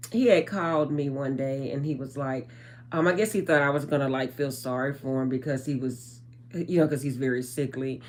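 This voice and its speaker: A woman channeling spiritual messages in a casual vlog, talking straight to her viewers in a chatty way. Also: deep voice. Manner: chatty, addresses viewers as guys, trails off with um.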